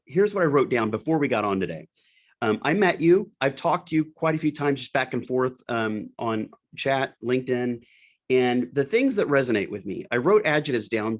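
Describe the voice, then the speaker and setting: A male interview host talking in an unhurried, exploratory way, working his thoughts out as he goes. His voice sits at a middling pitch and leaps upward when he stresses a word. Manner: thinking aloud, building up a question piece by piece. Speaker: podcast host. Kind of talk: conversational interview.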